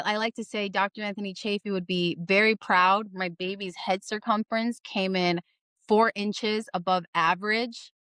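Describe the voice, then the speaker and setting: A woman's voice: mid-range voice, a bit bright, clean tone, no echo, clean studio sound. A young adult woman, a podcast guest, telling her story in casual, earnest speech and repeating phrases for emphasis.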